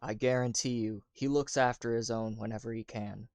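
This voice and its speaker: A man's voice: mid-range voice, steady tone, normal speed, clean tone, no room sound, natural voice. A man voicing a loyal, earnest soldier who reassures his comrades. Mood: reassuring.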